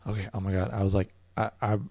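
A man's voice: fairly low pitch, level tone, quick pace, a little mellow, dry recording. A man telling a comedic story in casual chat, rambling and hesitant, with stammering restarts. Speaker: storyteller guest.

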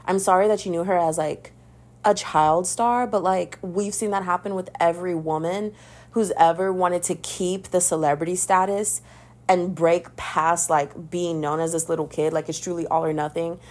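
A young woman hosting a podcast, chatting in a sassy, animated way about pop culture and calling the listener "babes.". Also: lowish voice, moderate pace. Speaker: podcast host. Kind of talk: casual pop-culture gossip commentary.

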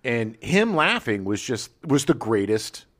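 A man's voice: medium pitch, sing-song, measured pace, fairly bright tone. A man in middle age co-hosting a casual podcast chat, playful and given to jokes. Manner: playful, breaks into exaggerated singing. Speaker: podcast co-host.

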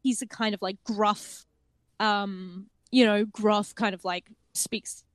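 A woman co-hosting a tabletop game podcast in casual chat, animated and laughing often. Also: mid-range voice, takes it slowly, dry recording, studio quality. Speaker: podcast co-host and game master.

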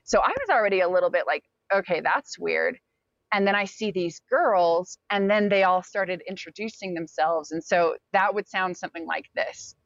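Animated, talkative woman in her forties. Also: medium pitch, normal speed, few pauses, no echo, lo-fi sound. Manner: animated, talkative, acts out quotes. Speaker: interview guest. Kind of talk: personal storytelling in an interview.

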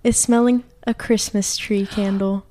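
A young woman co-hosting a podcast from her home, chatting in a playful, giggly and animated way. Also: medium pitch, unhurried. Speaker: podcast co-host. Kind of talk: casual chat.

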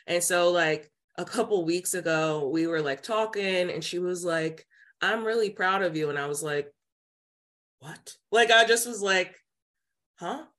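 A woman speaking as a podcast guest, telling a personal story in casual chat, filled with "like" and lively quoted voices. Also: lowish voice. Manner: chatty, many "like" fillers, animated quoting voices. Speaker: podcast guest, psychic intuitive.

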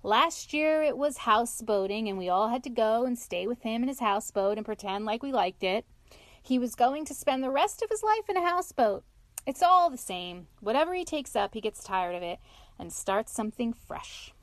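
A woman voicing an excitable male water rat in a storybook reading, bright and eager. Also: a little high, moderate pace, no echo. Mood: cheery.

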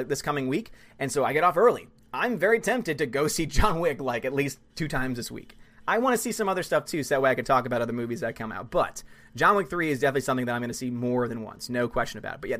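A man hosting a live stream, reading viewer comments aloud and chatting about films in a fast, gushing, excitable way. He is a student who also does musical theater. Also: fairly high pitch. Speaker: livestream host reading chat. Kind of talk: casual live-stream chat.

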